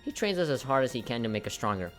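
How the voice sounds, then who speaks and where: A man's voice: mid-range voice, very animated, rapid-fire, fairly bright tone, faint music behind. A man commentating a video game as its host and reading its text aloud, breaking into giggly, apologetic laughing fits. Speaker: let's play host.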